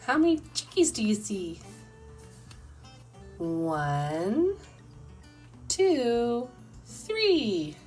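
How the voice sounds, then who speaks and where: A woman's voice: fairly high pitch, big pitch swings, drawn-out words, long pauses, darkish tone, distant mic, faint music behind. A woman narrating a playful toy story for a child, sing-song and chatty, slipping into small character voices.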